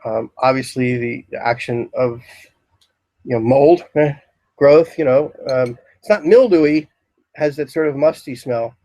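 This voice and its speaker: A man giving a casual, rambling talk on incense in a shop, describing scents with many pauses. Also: mid-range voice, mellow, dry recording, low-quality recording. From Philadelphia area, US. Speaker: incense store lecturer. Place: shop, indoors.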